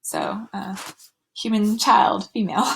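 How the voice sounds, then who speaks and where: Lady reading through her slides, lots of ums, goes sing-song acting out baby talk, bit of vocal fry. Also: mid-range voice, animated, takes it slowly, fairly bright tone. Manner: many fillers and restarts, sing-song when modeling talk to children. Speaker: teacher. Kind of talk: recorded slide lecture.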